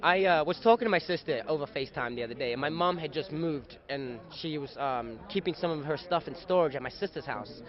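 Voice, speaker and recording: A young man with a fairly high voice tells stories in a lively, joking way during a casual convention interview. The sound is dull and lo-fi, recorded outdoors at a busy event. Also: brisk, hardly any pauses. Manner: animated, playful, chatty storyteller. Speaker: actor guest.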